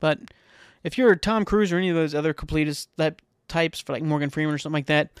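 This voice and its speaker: A man's voice: on the high side, fast, smooth, no echo, clean studio sound. A young man hosting a podcast alone, rambling casually and profanely and laughing often. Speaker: podcast host. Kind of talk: casual solo monologue.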